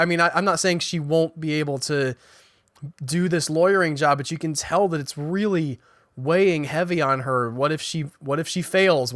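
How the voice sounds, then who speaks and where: With a fairly high, somewhat bright voice, a podcast host loosely recaps a TV episode in casual speech, paraphrasing the characters. He frequently fumbles his words and restarts. The audio is close and dry, with no room sound.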